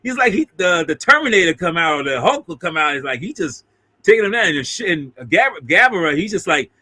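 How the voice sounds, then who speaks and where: Guy chatting about an old kaiju flick, bright voice, slightly high, keeps laughing and acting out scenes. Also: a little fast, no room sound. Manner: animated, acts out characters in mock voices, laughs often. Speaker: co-host of a film discussion video. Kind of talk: casual movie recap chat.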